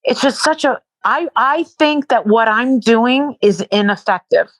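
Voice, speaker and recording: Blunt, profane woman with a high voice. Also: animated, measured pace, no room sound, poor audio. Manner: blunt, profane, repeats herself in bursts. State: sore and worn out from protesting. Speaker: interview guest. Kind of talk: casual interview chat.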